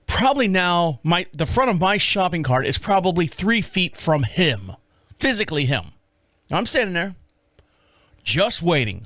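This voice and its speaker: Chatty, slightly high-voiced man storyteller. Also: a bit bright, dry recording, studio quality. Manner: rambling, self-correcting, chuckling asides. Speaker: podcast host. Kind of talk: casual storytelling monologue.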